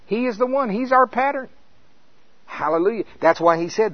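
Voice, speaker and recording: A man preaches a sermon, reading scripture aloud and breaking off mid-sentence to explain the verses, with frequent interjections of "Hallelujah." His voice sits high, with lively intonation at a moderate pace. The recording is muffled.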